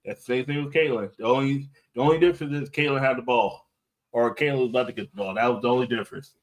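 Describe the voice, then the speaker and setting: A man's voice: medium pitch, fast talker. A man hosting a podcast in loose, rambling casual chat, often swearing. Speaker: podcast host.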